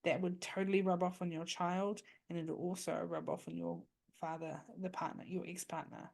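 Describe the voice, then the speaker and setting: Woman podcast host, lowish pitch, coaching and conversational. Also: level tone, moderate pace, gravelly, a little mellow. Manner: chatty, coaching, frequent "okay?". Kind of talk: casual advice talk.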